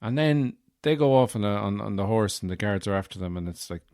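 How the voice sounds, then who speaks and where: A man's voice: fairly low pitch, lively intonation, brisk, darkish tone, dry recording, clean studio sound. A man hosting a solo podcast, rambling through a casual, jokey chat with the odd swear. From Ireland. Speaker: podcast host.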